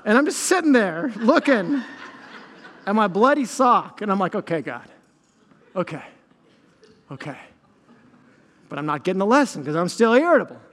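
High-voiced pastor preaching in a hall. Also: male voice, brisk. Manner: animated storytelling with self-deprecating humor. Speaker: lead pastor. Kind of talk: sermon.

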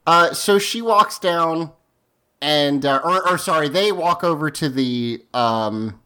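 A man's voice: a little high, slow pace, pushed and bright, clear, resonant tone. A man hosting a casual podcast, recapping a TV episode with ums and self-corrections. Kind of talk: casual chat.

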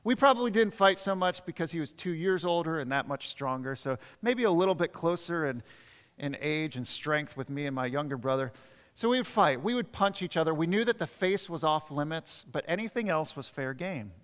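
Pastor guy preaching, pretty high voice, big echoey church hall. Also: lively intonation, brisk. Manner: storytelling preacher, shifts between quiet asides and emphatic points. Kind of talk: sermon. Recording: long reverb of a church hall.

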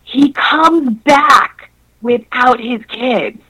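A young woman telling a story in casual chat, animated and swearing, acting out the voices in her quotes. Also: high-pitched, drawn-out words, slightly rough, poor audio.

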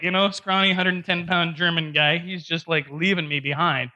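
A man preaching a conversational sermon, telling a personal story in an animated, self-deprecating way with frequent laughter. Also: fairly high pitch, a little fast. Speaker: pastor.

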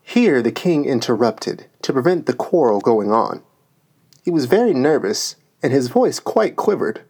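A man reading a storybook aloud as narrator, in a measured way. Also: medium pitch, sing-song, a little mellow, breathy edge.

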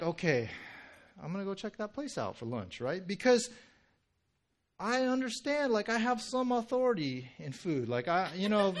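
A young male pastor speaks from the front of a church in a relaxed, joking sermon style. His voice sits slightly higher than most men's, and he talks loosely, full of fillers and quick asides to the congregation. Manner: chatty and animated, heavy "you know" and "right?" fillers, jokes with congregation. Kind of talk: casual conversational sermon.

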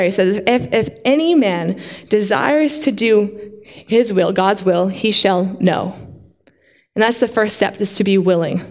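A woman preaching a sermon to a congregation in a lively way, often asking them questions. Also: medium pitch, in a large hall. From not from Australia.

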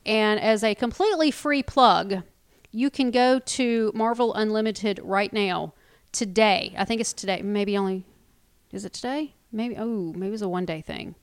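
A woman co-hosting a podcast in excitable, casual chat, swearing now and then. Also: medium pitch, normal speed, smooth, dry recording, clean studio sound. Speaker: podcast co-host.

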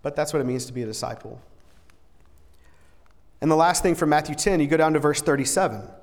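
A man's voice: fairly high pitch, brisk. Earnest preacher man in a reverberant hall. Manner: earnest and conversational, often repeats words and restarts. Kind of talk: sermon. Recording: long reverb in a large hall.

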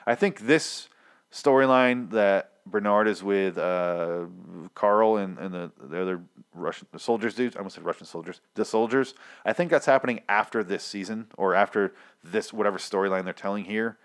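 A man's voice: fairly low pitch, moderate pace, clean tone. Rambling, profane man recapping a show. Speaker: podcast host. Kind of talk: casual solo show recap.

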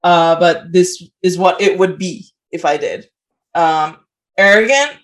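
A woman's voice: fairly low pitch, unhurried. A young woman co-hosting a casual podcast, asking questions and laughing often. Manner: laughs often, short backchannels. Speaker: podcast co-host.

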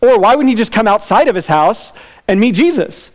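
Male preacher with a high, bright voice, casual and lively from the pulpit, slips into playful quoted voices. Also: brisk. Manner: animated, conversational, acts out quoted voices with laughs. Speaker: pastor. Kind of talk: expository sermon.

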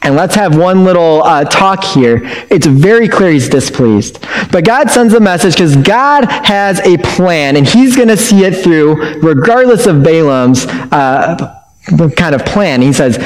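A man with a fairly high, very animated voice gives a relaxed devotional reflection on scripture, chatty and joking. He stumbles and restarts his sentences as he talks. The sound carries a long reverb, as if recorded in a large room. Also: unhurried. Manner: conversational, joking, with frequent restarts. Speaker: Bible teacher. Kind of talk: casual devotional Bible reflection.

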